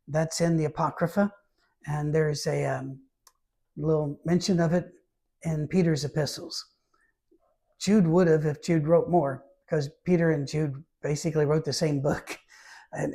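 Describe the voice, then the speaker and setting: A man's voice: a little high, gravelly, dark tone, husky. A man, a pastor reading scripture aloud and breaking off to comment casually in a Bible study. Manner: reads scripture aloud, then breaks off to comment with asides and light humor. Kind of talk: conversational Bible teaching.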